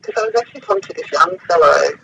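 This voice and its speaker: An Australian man, a podcast guest, talking in an unhurried, relaxed way with thoughtful pauses. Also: on the high side, creaky, a little hiss or hum, poor audio. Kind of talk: casual chat.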